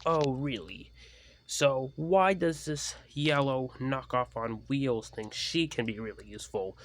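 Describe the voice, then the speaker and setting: A man's voice: medium pitch, slow pace, a bit bright, pitched above the performer's own voice. A man voicing a bad-tempered, boastful Swedish steam engine who snaps insults. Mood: sneering. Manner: snappy, insulting.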